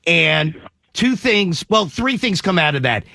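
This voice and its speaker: A man's voice: fairly high pitch, big pitch swings, a little slow, vocal fry, sharp tone, dry recording, studio quality. A man hosting a morning radio show, eagerly asking a guest questions with frequent restarts. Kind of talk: casual radio interview.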